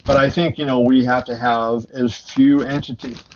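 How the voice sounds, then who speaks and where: A man's voice: mid-range voice, level tone, normal speed, darkish tone. Middle-aged man telling rambling stories. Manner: rambling anecdotes with frequent fillers and laughs. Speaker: boxing journalist guest. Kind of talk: conversational storytelling. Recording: slightly dull lo-fi sound with faint noise.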